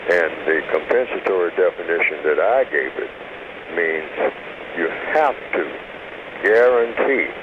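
An older man talks slowly and carefully, defining his terms as a radio guest. His voice sits very low. It comes through a narrow, phone-like line with steady hiss behind it. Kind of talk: call-in radio interview.

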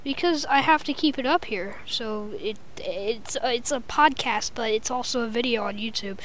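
A woman's voice: a little high, normal speed, fairly bright tone, slight background noise. A young woman co-hosting a casual podcast from home, playful and giggly, trading silly jabs with her co-host. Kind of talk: casual chat.

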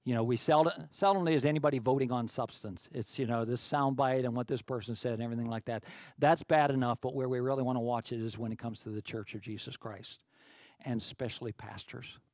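A man's voice: medium pitch, steady tone, quick pace, a little mellow, dry recording. A man preaching a sermon as pastor, talking in a conversational way with many restarts and climbing to emphatic peaks.

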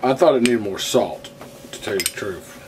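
A man's voice: lowish voice, expressive, moderate pace, slight background noise. A man hosting a casual home cooking vlog in his kitchen, talking to his viewers in a folksy way while losing his voice. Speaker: cooking channel host.

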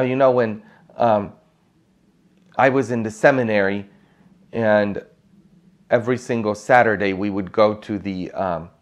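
A man preaching a sermon as a priest, telling stories with emphasis and humor. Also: fairly low pitch. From Poland.

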